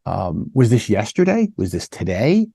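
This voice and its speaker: This lieutenant's low, warm voice swoops wildly in pitch, with vocal fry and a breathy edge, at a moderate pace in clean, echo-free studio audio. His interview-skills teaching is casual and chatty, peppered with "right?" and short acted lines from officers and children.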